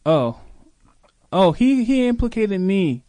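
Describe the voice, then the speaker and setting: A man's voice: high voice, sing-song, slow, dark tone, dry recording. A man, co-hosting a casual podcast with playful, mock-naive questions. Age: 40s. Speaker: podcast co-host. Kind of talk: casual comedic chat.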